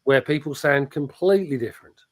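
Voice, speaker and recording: A man's voice: fairly high pitch, fairly quick. A man from England with an English accent tinged with Australian, hosting a casual chat and rambling through frequent restarts. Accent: English, with some Australian.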